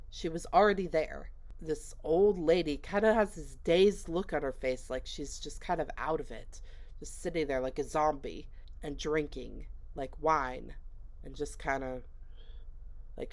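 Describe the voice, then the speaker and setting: A woman casually recapping a movie she watched, chatty and rambling, with lots of fillers. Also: sits low. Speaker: movie reviewer.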